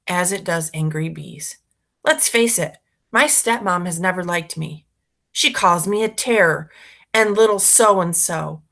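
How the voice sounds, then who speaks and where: A woman's voice: on the low side, gravelly, fairly bright tone. A woman reading a children's story aloud expressively, narrating as a boy. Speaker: reader for schoolchildren.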